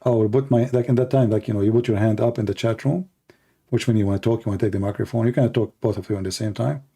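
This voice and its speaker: A man's voice: on the low side, steady tone, very fast, creaky, dark tone, slightly rough. A man hosting a long livestream who rants in a mocking, sarcastic way and acts out his opponents. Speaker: livestream debate host. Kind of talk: casual livestream rant.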